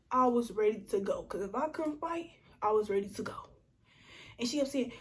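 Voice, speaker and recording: A young woman tells a storytime in a vlog. Her voice sits a little high, and she acts out each quote with sudden drops into whispers. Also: brisk. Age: young adult. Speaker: vlogger.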